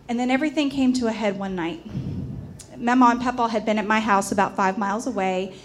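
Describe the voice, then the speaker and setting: A woman performing a personal storytelling piece about a haunted house, animated and emphatic, slowing down for the dramatic moments. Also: a little high.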